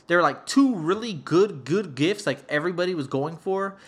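Brief: chatty man host, fairly high and very lively pitch, cursing freely as he rambles. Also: moderate pace. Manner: profane, rambling, laid-back. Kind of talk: casual storytelling.

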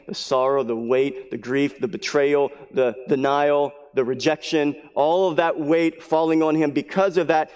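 A man preaching a sermon as pastor, earnest, repeating his phrases and dropping to a hushed voice for emphasis. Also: on the high side. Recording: long hall reverb.

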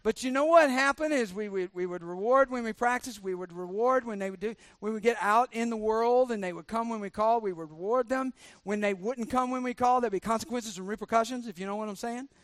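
A middle-aged male pastor with a fairly high voice preaches a sermon. He jokes, slips into sarcasm and keeps quizzing the congregation with questions, and his voice sounds close and dry. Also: brisk, few pauses, a bit bright, no room sound.

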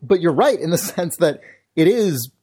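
A man's voice: fairly high pitch, very animated, warm tone, breathy edge. Thoughtful man co-hosting a podcast. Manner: thoughtful and measured, talks things through at length. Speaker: podcast co-host. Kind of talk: casual chat.

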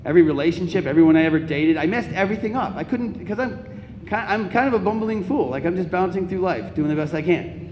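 A young man with a high, light voice tells comic stories from his own life to a crowd, getting animated as he goes. His voice rings around a big echoey hall, with a faint hum of the room behind him. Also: fast talker, muffled recording. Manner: animated, comic storytelling with laughs. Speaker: Catholic speaker. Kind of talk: storytelling talk to an audience.

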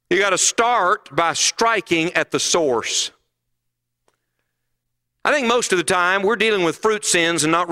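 A man's voice: high-pitched, pushed and bright. A middle-aged man preaching a sermon at a conference, emphatic and full of rhetorical questions.

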